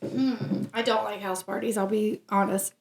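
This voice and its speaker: A woman from New Jersey hosting a podcast in casual chat, sassy and quick, laughing often and a little tipsy from tequila shots. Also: mid-range voice, fairly even intonation, gravelly. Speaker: podcast host.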